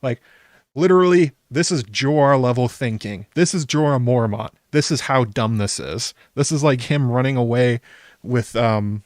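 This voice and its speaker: A man's voice: mid-range voice, moderate pace, darkish tone, no room sound, studio quality. Chatty incredulous man reacting to a show. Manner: chatty and incredulous, laughs often, many ums. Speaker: YouTube aftershow host. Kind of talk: casual solo reaction commentary.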